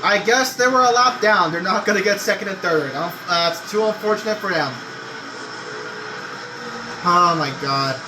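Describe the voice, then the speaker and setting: A young man giving gameplay commentary on a racing game, excitable, swearing and yelling at the game. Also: high-pitched, normal speed, long pauses, background noise.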